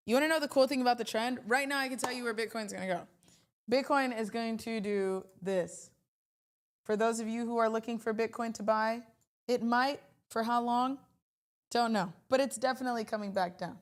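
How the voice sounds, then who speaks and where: A woman hosting a casual trading livestream, chatty and animated, talking straight to her chat. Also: medium pitch, vocal fry.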